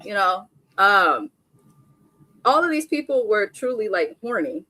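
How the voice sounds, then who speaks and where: A woman's voice: mid-range voice, sing-song, measured pace, pushed and bright, dry recording. Young woman doing a live reality tv recap, blunt and candid, dry close sound. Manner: blunt, candid, chatty with frequent asides. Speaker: reality TV reviewer hosting a live stream. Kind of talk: casual live recap and commentary.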